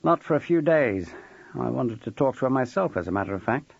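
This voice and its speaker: A man's voice: mid-range voice, animated, fairly quick, gravelly, husky, dry recording, dull audio. A man reading an audiobook voices a dry-witted male teacher who jokes in a tense moment. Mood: wry. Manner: dry, wry and joking. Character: wry, witty male teacher, head of sixth form.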